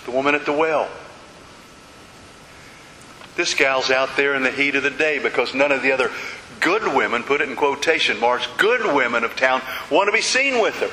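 A man's voice: medium pitch, expressive, moderate pace, sharp tone. A man preaching a sermon, telling stories dramatically with repeated refrains. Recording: reverberant hall with faint hiss.

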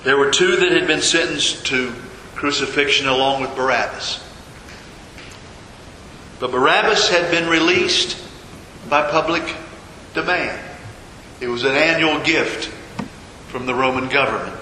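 A man preaching a sermon as a pastor, telling a story with dramatic pauses and repetition. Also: mid-range voice, pushed and bright. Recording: echoey hall with long reverb, faint noise.

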